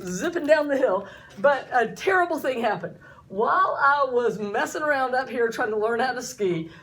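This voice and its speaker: A woman's voice: high-pitched, fairly bright tone. A woman science teacher telling a dramatic personal story to explain energy, full of sound effects and acted-out dialogue. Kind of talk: storytelling lesson.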